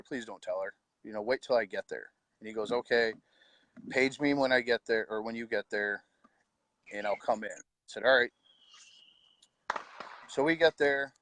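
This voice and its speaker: A middle-aged man, quietly telling his own story of losing his wife, with halting pauses and heartfelt words. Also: mid-range voice, no room sound. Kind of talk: personal storytelling.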